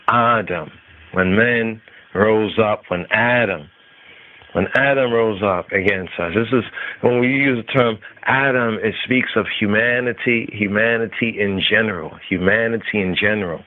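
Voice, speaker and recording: A man teaching scripture on a podcast, slowly repeating and chanting Hebrew words. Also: fairly low pitch. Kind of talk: slow devotional scripture teaching. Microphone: phone line. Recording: tinny phone-line call-in radio.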